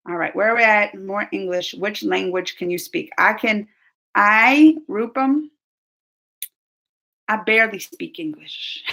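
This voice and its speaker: A woman's voice: fairly high pitch, animated, moderate pace, pushed and bright. A woman hosting her own reaction channel, chatting casually with viewers during a live stream, gushing and laughing often. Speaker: YouTube reaction channel host.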